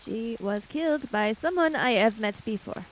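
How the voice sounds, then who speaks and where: A woman's voice: a little high, expressive, normal speed, a little hiss or hum, natural voice, low-quality recording. A woman playing a terse, cold swordswoman. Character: terse, proud swordswoman, young adult woman.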